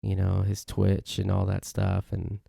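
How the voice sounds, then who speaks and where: A man hosting a casual solo podcast, rambling through anecdotes and mimicking his friends in a higher voice. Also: monotone, measured pace, gravelly, warm tone, breathy edge, no echo, studio quality. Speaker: podcast host.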